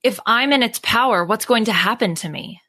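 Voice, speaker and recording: A woman's voice: a little high, fairly quick, sharp tone. A woman reading the lines of a bewildered adventurer, her voice lifted and questioning. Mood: anxious. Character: frightened adventurer, puzzled and unsure.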